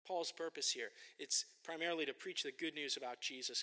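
In a church sanctuary with the long reverb of a large hall, a pastor preaches a sermon earnestly and emphatically, frequently asking rhetorical questions. His voice is a little high, a little fast, and bright with a forceful tone.

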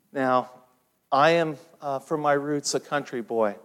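A middle-aged man from Ohio preaching a sermon, slow and emphatic, with frequent "uh" fillers. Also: medium pitch, a bit bright, clear, resonant tone. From eastern Ohio, USA. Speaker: pastor.

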